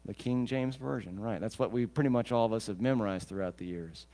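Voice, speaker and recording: A man's voice: fairly low pitch, brisk, mellow, in a large hall. A male pastor preaching a sermon in a conversational way, with joking asides and questions to the congregation.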